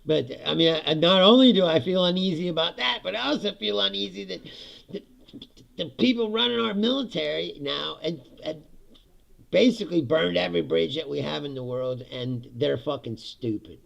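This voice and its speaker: A man's voice: fairly high pitch, moderate pace, gravelly, a bit bright, highs cut off. A man doing a casual political rant, sarcastic and profane, laughing often between points. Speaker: political commentary host.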